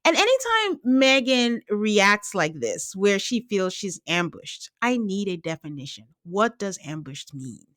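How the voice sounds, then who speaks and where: A woman's voice: medium pitch, big pitch swings, unhurried, hardly any pauses, fairly bright tone, dry recording, clean studio sound. A woman hosting a podcast, chatting casually and animatedly, acting out quotes with laughter. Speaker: podcast host. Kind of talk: casual recap chat.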